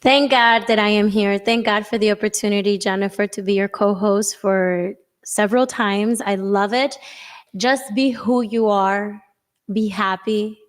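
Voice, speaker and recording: A woman's voice: medium pitch, steady tone, a little slow, big-room sound. A woman co-host speaking in an upbeat, motivational way in casual chat.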